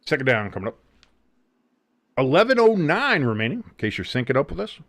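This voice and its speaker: Man, New Jersey accent, watch-along host, excited play calls, jokey, swears, animated pitch. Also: a little fast. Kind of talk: casual live game commentary.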